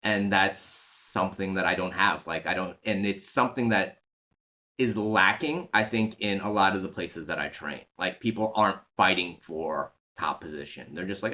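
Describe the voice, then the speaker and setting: Male podcast host, low and bright-toned, laid-back. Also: normal speed. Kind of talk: casual chat.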